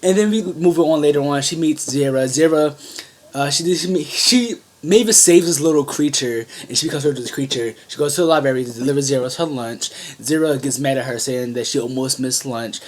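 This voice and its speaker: A man's voice: medium pitch, brisk. A man recapping an anime episode in a casual, rambling way, with frequent restarts and asides. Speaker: anime reviewer.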